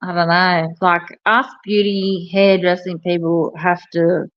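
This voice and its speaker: A woman, a hairdresser chatting casually and telling animated stories, with plenty of swearing. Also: fairly low pitch, measured pace, dry recording, dull audio. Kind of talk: casual chat.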